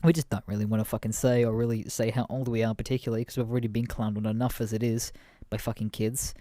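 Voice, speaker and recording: Here a man in his 20s hosts a podcast, spinning rambling, filler-heavy stories with plenty of profanity and laughter. He speaks quickly in a level, dark, mid-range voice, and there's no echo.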